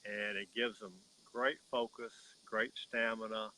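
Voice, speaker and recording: A man's voice: on the low side, little pitch movement, a little slow, pushed and bright, a little hiss or hum, low-quality recording. A man, a horse breeder, telling a story in an emphatic, folksy way during an interview.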